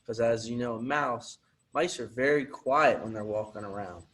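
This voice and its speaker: A man's voice: medium pitch, moderate pace, a bit bright. A man teaching physical education, reading a picture book aloud and coaching children through movement breaks in an upbeat, encouraging way.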